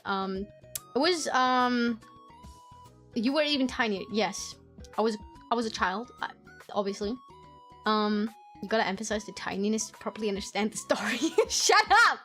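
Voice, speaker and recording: A woman streamer telling childhood stories to her chat, swearing freely, laughing often and mimicking family members in squeaky voices. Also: a bit bright. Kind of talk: casual storytelling chat with viewers.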